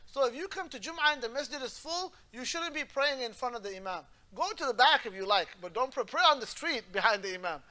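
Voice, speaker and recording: Bright-voiced imam teaching a class. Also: male voice, extremely high pitch, expressive, fast, hardly any pauses. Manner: explains patiently, often checks with listeners. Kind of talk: religious lesson.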